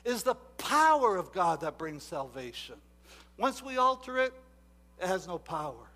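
A man preaching a sermon, moving from quiet asides to loud emphatic exhortation and repeating himself often. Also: high voice, very animated, normal speed. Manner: repeats words and restarts often.

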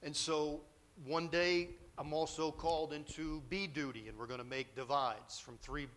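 Animated male preacher telling a story. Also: a little high, normal speed. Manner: animated storyteller, acts out quotes, grows loud and excited. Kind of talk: storytelling sermon.

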